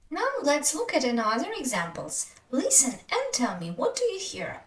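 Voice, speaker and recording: A woman teaching pronunciation, saying each word slowly and repeating it with careful stress. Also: on the high side, big pitch swings, fairly bright tone. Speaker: language teacher. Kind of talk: slow, careful pronunciation lesson.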